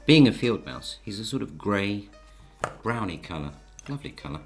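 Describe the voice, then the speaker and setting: A man tells a children's story in a gentle, coaxing way while he sketches the pictures. His voice is deep and unhurried, and he keeps turning to the listener with little questions. Faint music plays in the background. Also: very animated. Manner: gentle, coaxing, speaks to the audience. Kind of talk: storybook narration while drawing.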